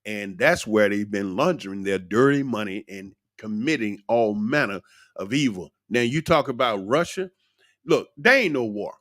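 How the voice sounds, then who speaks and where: A man in his sixties delivering a rambling, profane monologue, blunt and animated in bursts. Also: fairly low pitch, normal speed, no room sound, studio quality. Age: 60s. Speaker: commentator. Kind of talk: ranting monologue.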